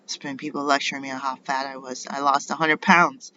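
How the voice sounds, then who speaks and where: A woman's voice: a bass voice, flat delivery, a little fast, pushed and bright. An indignant middle-aged woman rambles through a personal monologue and fires off rhetorical questions. The recording sounds dull and lo-fi. A faint hiss sits underneath. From United States. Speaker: vlogger.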